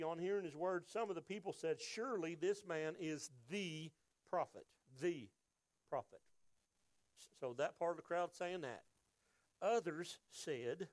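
High-voiced preacher, dry sound. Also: male voice, dry recording. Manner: emphatic preaching, acting out crowd voices. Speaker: pastor. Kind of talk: sermon.

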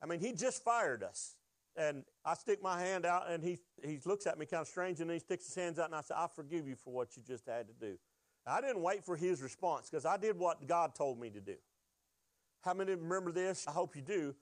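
A man's voice: fairly high pitch, expressive, brisk, no room sound. A man preaching a sermon, telling a personal testimony in an earnest storytelling way and drawing out his key phrases. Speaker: pastor.

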